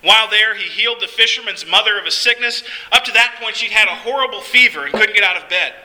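Bright, high-voiced male storyteller. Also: rough recording. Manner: earnest, dramatic storytelling with vivid pauses. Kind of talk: first-person scripted narration.

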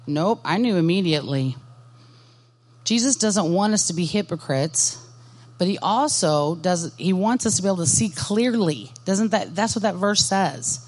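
A woman's voice: fairly low pitch, lively intonation, moderate pace. Earnest woman giving a ministry talk. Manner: earnest, direct, asks the audience questions. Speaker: workshop speaker. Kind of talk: Christian ministry workshop talk. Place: conference workshop session.

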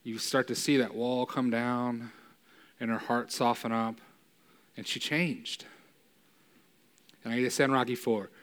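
A man preaching a sermon in a casual, conversational way, often asking "right?", and building to loud, emphatic peaks. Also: medium pitch, normal speed, pauses often.

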